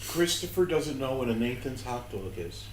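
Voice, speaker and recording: A man's voice: medium pitch, expressive, moderate pace, reverberant, distant mic, a little hiss or hum, rough recording. A man co-hosting a casual livestream, trading dry jokes and rambling explanations. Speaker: livestream co-host. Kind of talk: casual chat.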